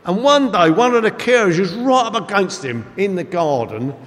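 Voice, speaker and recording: A man preaching a sermon, telling stories in an animated, emphatic way. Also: high voice, normal speed. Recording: echoey hall with long reverb.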